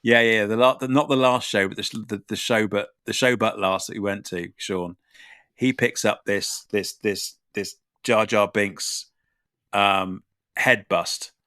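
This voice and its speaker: Podcast host, lowish voice, rambles and restarts a lot, dry sound. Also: male voice, steady tone, unhurried, fairly bright tone, no room sound. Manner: rambling, self-deprecating. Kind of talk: casual chat.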